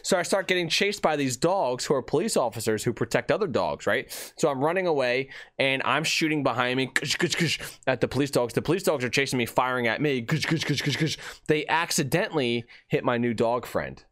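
Young male podcast co-host, lively swinging pitch, loose rambling storyteller. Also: brisk, few pauses. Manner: rambling, animated storytelling with silly put-on voices. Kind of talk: casual chat.

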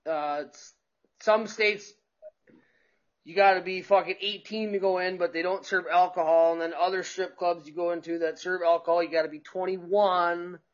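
A man's voice: sits high, level tone, normal speed, muffled recording. A man co-hosting a podcast, swearing and laughing through casual banter. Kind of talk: casual chat.

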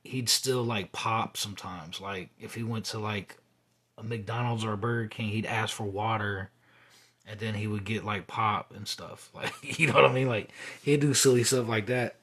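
Husky-voiced man rambling through a monologue. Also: fairly low pitch, fairly even intonation, moderate pace, fairly bright tone. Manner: rambling, confessional, many fillers. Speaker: podcast host. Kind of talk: solo podcast monologue.

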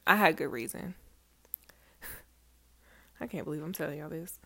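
A young woman talks straight to her followers in a slightly low voice, rambling, swearing freely and laughing between thoughts. She sounds emotional and close to tears. The recording is dry and close, with no room sound. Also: expressive, unhurried, fairly bright tone, no room sound. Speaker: vlogger. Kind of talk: casual chat to followers.

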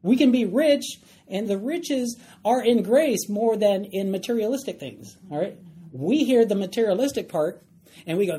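A man's voice: high voice, animated, moderate pace, dark tone. A man teaching a Bible study class, conversational and often checking in with the group. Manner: conversational, checks in with "all right?". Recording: faint background noise.

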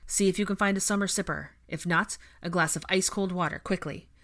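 A woman's voice: on the low side, a little fast, fairly bright tone. A woman reading the part of a brusque, commanding young wizard who gives firm, clipped orders.

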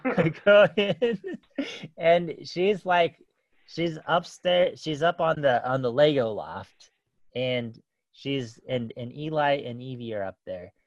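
A man's voice: on the high side, lively intonation, slow pace, no echo, lo-fi sound. A man in his thirties casually telling a story about his kids, rambling with lots of fillers and restarts and laughing often.

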